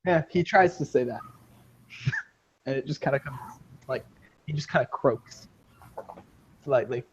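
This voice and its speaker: A man's voice: medium pitch, takes it slowly, a little hiss or hum. A man playing his character in a tabletop game, playful and often laughing. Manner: playful, laughing between lines. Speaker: player. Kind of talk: casual tabletop role-play. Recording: dull lo-fi recording.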